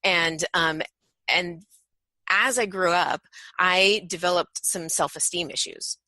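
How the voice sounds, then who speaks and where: A woman guest speaks on a podcast about parenting, acting out playful voices as she tells her stories. Her tone is bright and forward, and the recording is dry and close. She talks in an animated way. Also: lowish voice, takes it slowly, dry recording, low-quality recording. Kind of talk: podcast interview.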